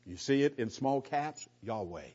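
A man's voice: on the high side, animated, moderate pace, a little mellow, slightly rough. A middle-aged man teaching the Bible in a conversational way. He is emphatic, repeats key phrases, asks rhetorical questions and often restarts his sentences with folksy asides. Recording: dull lo-fi recording.

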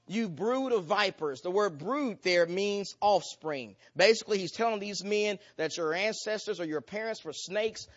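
A man's voice: sits high, highs cut off. A man preaching a sermon with an emphatic, repetitive cadence that builds in intensity.

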